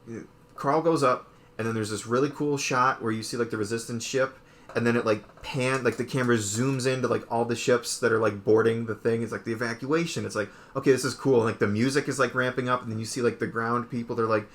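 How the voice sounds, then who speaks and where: A man co-hosting a casual chat, retelling scenes in a rambling way full of "like" and quick quoted voices. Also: medium pitch, fairly even intonation, fairly bright tone. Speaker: podcast co-host.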